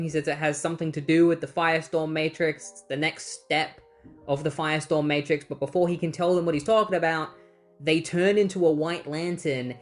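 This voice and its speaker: A chatty comic book reviewer walks through a story arc in a relaxed, conversational way, adding quick personal asides. Faint music plays underneath the voice. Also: mid-range voice. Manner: chatty, summarizes plot with asides. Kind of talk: casual retrospective narration.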